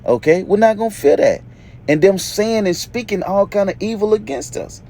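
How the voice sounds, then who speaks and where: This man's voice sits high and sounds warm and animated, moving at a moderate pace with slight background noise. Preaching, he reads verses aloud and emphatically explains them, repeating "okay?" after almost every point.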